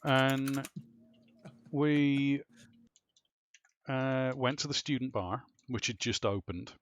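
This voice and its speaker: A man's voice: mid-range voice, takes it slowly. Swearing Irish man telling stories. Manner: animated, swears freely, restarts often. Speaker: streamer chatting with clanmates. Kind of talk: casual storytelling chat.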